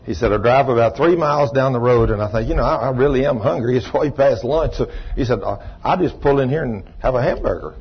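A man preaching a sermon, telling a long rambling story in a folksy way and breaking into shouts of praise. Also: medium pitch, brisk, hardly any pauses, slightly rough. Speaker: pastor. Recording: muffled lo-fi recording.

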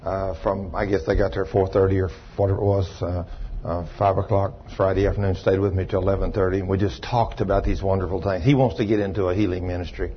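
A man preaching a sermon, telling a long rambling story in a folksy way and breaking into shouts of praise. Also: sits low, a little hiss or hum. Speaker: pastor. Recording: muffled lo-fi recording.

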